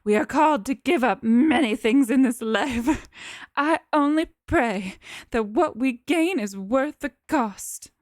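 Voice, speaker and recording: A woman voicing a grieving older village matriarch with a slow, grave delivery while reading a board game story aloud. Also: on the high side, sing-song, no room sound, clean studio sound. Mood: solemn.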